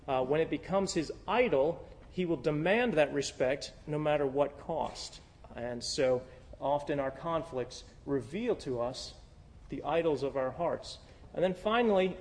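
A man's voice: on the high side, darkish tone. A man preaching a sermon as a pastor, in a conversational, candid style with frequent fillers. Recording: long hall reverb.

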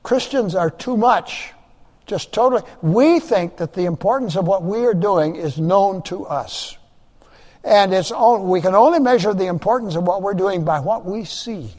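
A man delivers an emphatic sermon, repeating key phrases and swinging between hushed and loud. His voice sits high for a man. The sound rings with the long reverb of a large sanctuary. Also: expressive, moderate pace. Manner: emphatic preaching, repeats phrases, rising and dropping loudness. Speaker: pastor.

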